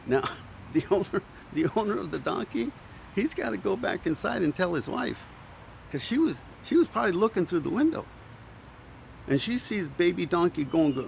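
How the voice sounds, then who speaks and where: A male pastor preaching with animated storytelling, acting out quoted voices and restarting words often. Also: high voice, moderate pace, vocal fry, a little hiss or hum. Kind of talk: sermon.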